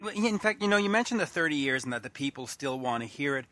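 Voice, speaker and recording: A man's voice: medium pitch, lively intonation, fast talker, a bit bright, dry recording. A man hosting an interview, pressing his questions and rephrasing them with restarts as he goes. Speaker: interview host. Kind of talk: interview conversation.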